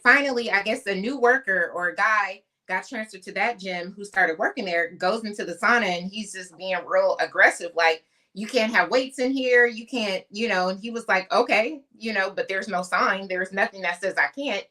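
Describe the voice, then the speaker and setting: A woman's voice: mid-range voice, normal speed, few pauses, sharp tone. A woman from the US West Coast co-hosting a podcast, chatty and emphatic as she tells stories. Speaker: podcast co-host. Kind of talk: casual podcast chat.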